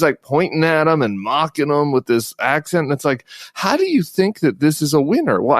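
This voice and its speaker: A man's voice: mid-range voice, no echo. Emphatic man in a dry podcast chat. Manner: fast, emphatic, restarts sentences. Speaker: podcast guest. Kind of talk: political commentary chat.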